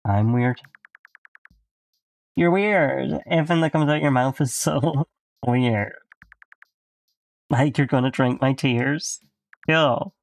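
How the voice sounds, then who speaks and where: A man's voice: mid-range voice, takes it slowly, creaky, pauses often, no echo, faint music behind. A man voicing a teary, self-conscious young man in a visual novel, bashful and apologetic. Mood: teasing. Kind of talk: reading a visual novel aloud.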